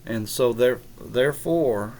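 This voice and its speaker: Guy talking real slow about bible stuff, stops and starts, argues with people who mock him. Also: medium pitch, a little mellow. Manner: slow, halting, argumentative, addresses critics directly. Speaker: religious video maker. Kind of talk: rambling monologue on scripture.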